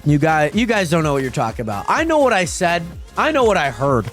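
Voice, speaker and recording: A young man on a gaming livestream, talking to chat in a high voice that swings all over the place. He rambles casually to his viewers and bursts into yelps during fights. Dance pop music plays faintly behind him. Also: brisk. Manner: chatty, addresses viewers constantly, yelps excitedly during fights. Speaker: live streamer.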